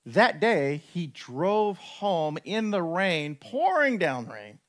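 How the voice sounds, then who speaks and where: High-voiced preacher telling a story. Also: male voice. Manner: animated storyteller, slowing for drama. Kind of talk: sermon storytelling.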